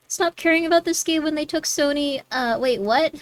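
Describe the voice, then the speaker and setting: Woman streamer, high voice, rambly casual chat, scolds pets now and then. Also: moderate pace, few pauses, low-quality recording. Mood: scolding. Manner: rambling, chatty, scolds her cat in a squeaky rising voice.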